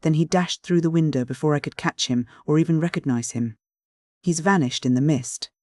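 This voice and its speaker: An audiobook reader voicing an anxious young gentleman who speaks low and hushed. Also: brisk, dry recording, clean studio sound, close to an everyday voice.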